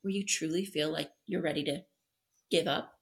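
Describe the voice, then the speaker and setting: A middle-aged woman guest on an interview podcast, speaking in an animated, storytelling way and often acting out quotes. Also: deep voice, moderate pace, vocal fry.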